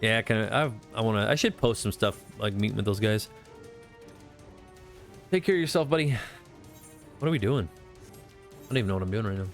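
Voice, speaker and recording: A man's voice: on the low side, lively intonation, brisk, long pauses, faint music behind. A man streaming a game, chatting casually in a rambling, profane way full of fillers. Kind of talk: casual live-stream chat.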